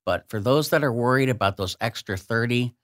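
A man guest on a radio talk show, walking through scripture verses at a deliberate, emphatic pace. His voice sits in an ordinary middle register. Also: mid-range voice, a bit bright.

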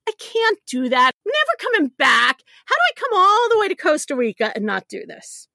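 A middle-aged woman telling a personal story to a podcast host, animated, self-deprecating and often laughing as she talks. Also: high voice, brisk, no room sound, clean studio sound. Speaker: podcast guest. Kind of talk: conversational storytelling.

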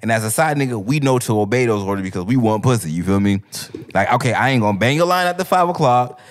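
A man co-hosting a casual chat, animated and peppering his talk with "you feel me". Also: medium pitch, fast talker.

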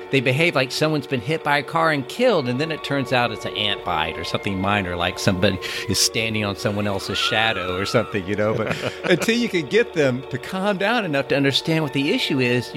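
A man co-hosting a podcast, giving reflective and chatty commentary. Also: medium pitch. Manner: chatty, reflective, laughs easily. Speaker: podcast co-host. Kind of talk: casual commentary.

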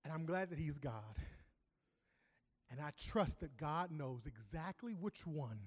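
High-voiced preacher in an echoing hall. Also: male voice, lively intonation, a little slow. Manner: emphatic, swings from loud to hushed. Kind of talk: sermon. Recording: long reverb of a large hall.

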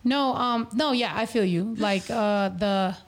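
A woman's voice: medium pitch, measured pace. A young woman co-hosting a podcast, chatting casually, laughing often and swearing while she tells stories. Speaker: podcast co-host. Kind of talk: casual chat.

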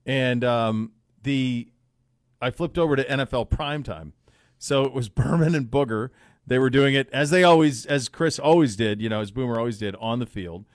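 A man's voice: medium pitch, moderate pace, no room sound, clean studio sound. A man hosting a sports podcast, chatting casually and rambling through his points.

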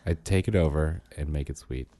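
A man chatting casually as a podcast co-host and parent, telling animated stories about his kids, acting out their voices and laughing often. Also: rumbling low, normal speed, no room sound. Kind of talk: casual chat.

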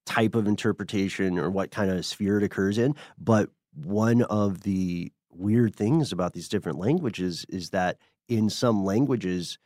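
Dude explaining history stuff on a podcast, low voice, dry close mic. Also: male voice, darkish tone, no room sound. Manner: explanatory, measured, chuckles often. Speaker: podcast co-host. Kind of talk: casual history chat.

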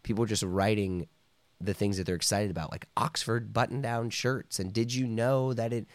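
A man's voice: lowish voice, fairly even intonation, normal speed, no room sound. A man speaking as a podcast guest, telling a loose, rambling story full of "like" and "you know", now and then acting out other people's lines, with a cough here and there. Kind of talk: casual storytelling.

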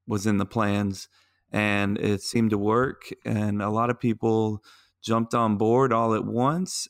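A man with a low, gravelly voice, thanking listeners in a relaxed, rambling way. The sound is dry and close. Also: no echo. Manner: relaxed, filler-heavy. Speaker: podcast co-host. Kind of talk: casual chat.

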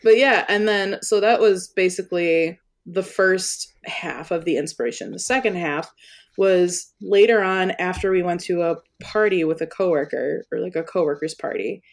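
A woman's voice: on the low side, normal speed. A young woman on a podcast, telling a funny story in casual chat and laughing often. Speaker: podcast guest.

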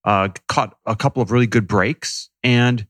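A man's voice: medium pitch, steady tone, normal speed, a bit bright, no echo. Candid man co-host, dry sound. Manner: candid, self-deprecating storyteller. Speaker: podcast co-host. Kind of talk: casual conversation.

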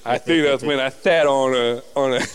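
A man's voice: medium pitch, normal speed, clean tone, lightly acted. A podcast host playing a bumbling male guard with a lisp in improvised comedy role-play, rambling and giggly. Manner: rambling, giggly, self-deprecating.

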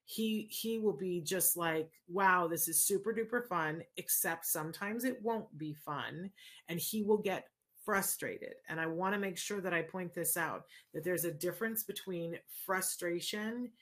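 A woman hosting a casual live chat, answering viewers in an animated, conversational way and often checking in with "right?". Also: fairly low pitch, a little slow. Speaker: host answering viewer questions.

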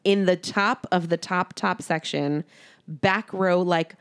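A woman co-hosts a casual podcast, slinging gossip and swearing freely. Her voice sits slightly low, and she throws herself into her stories with plenty of animation. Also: slow, smooth. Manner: gossipy, profane, animated storytelling. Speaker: podcast co-host. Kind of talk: casual chat.

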